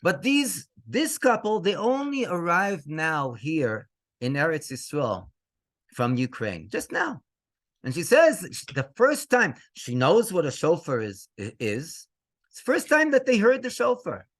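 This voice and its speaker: A male rabbi telling a story in a lively way, mixing in Hebrew phrases and laughing between lines. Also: on the high side, a little slow. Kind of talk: storytelling to an audience.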